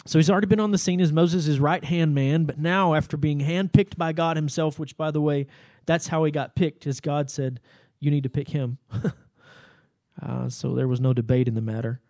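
A man's voice: fairly high pitch, steady tone, normal speed, a little mellow, dry recording. Conversational man teaching a sermon. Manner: explanatory, conversational with fillers. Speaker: pastor.

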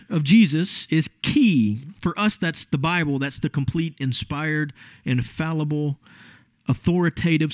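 A man's voice: fairly high pitch, a little mellow, no room sound. Dry, conversational preaching man. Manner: conversational, emphatic preaching with asides to the congregation. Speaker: pastor. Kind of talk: sermon.

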